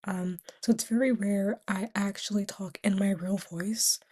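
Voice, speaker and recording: A woman's voice: mid-range voice, steady tone, measured pace, a little mellow, breathy edge. A tired young woman vlogging in a casual, rambling way, often dropping to a whisper between fillers. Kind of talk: casual confessional chat.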